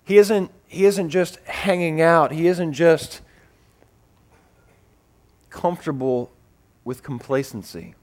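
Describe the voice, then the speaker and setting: Animated preaching man, slightly high voice. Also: slow pace, long pauses. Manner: animated, repeats words as he builds; acts out voices in his stories. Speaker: pastor. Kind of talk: sermon with personal storytelling.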